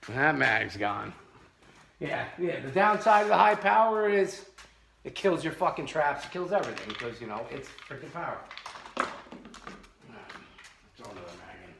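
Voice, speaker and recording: A man's voice: mid-range voice, very animated, moderate pace, vocal fry, long pauses, fairly bright tone, a little hiss or hum. A man who sells and tests pepperball guns, ranting angrily and with heavy swearing about a rival seller. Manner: angry, profane, sarcastic ranting. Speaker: pepperball gun seller and reviewer. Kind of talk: ranting while test firing.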